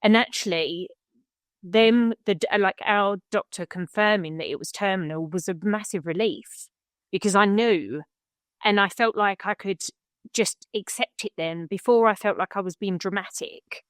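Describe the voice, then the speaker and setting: Woman guest on a podcast, blunt and straight to the point, dry close sound, mid pitch. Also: moderate pace, dry recording. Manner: blunt, matter-of-fact. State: widowed, remarried. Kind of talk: frank conversational podcast talk.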